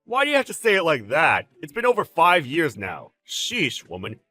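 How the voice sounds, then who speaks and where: A man playing a clueless cheating ex-husband, brash and quick to get defensive. His voice is bright and sits fairly high, swinging widely in pitch as he protests. Faint music runs under this audio drama. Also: wildly swooping pitch, no room sound, exaggerated voice.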